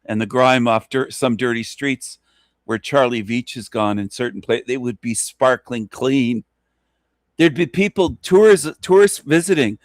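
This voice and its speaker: A man of mid-range pitch delivers a rambling, emphatic radio monologue, circling back to repeat the same words for weight. The sound is close and dry with no room around it. He often chuckles mockingly between his points. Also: unhurried, dry recording. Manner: rambling, repetitive, emphatic rant with sudden pitch jumps. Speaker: radio show host.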